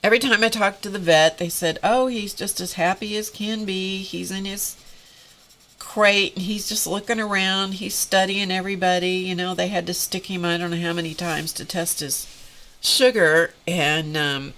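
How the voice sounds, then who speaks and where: A woman hosting a live drawing stream, teary and congested, talking in a halting, emotional way with sighs and pauses. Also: medium pitch, steady tone, fairly bright tone, slight background noise. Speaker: host of an art live stream.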